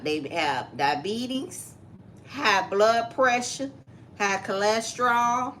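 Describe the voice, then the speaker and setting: A woman with a Southern US accent co-hosts a casual chat, lecturing viewers in an emphatic, preachy way. She speaks slowly with a fairly high, very lively voice. Her tone is bright, with a faint hum behind it. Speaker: co-host.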